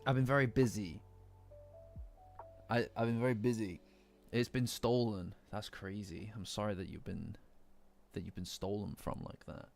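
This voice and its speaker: A man's voice: lowish voice, fairly even intonation, normal speed, vocal fry, a little mellow. A man with a lingering cough, chatting casually and rambling with his live-stream audience, swearing now and then. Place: cold room at home. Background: faint lo-fi music.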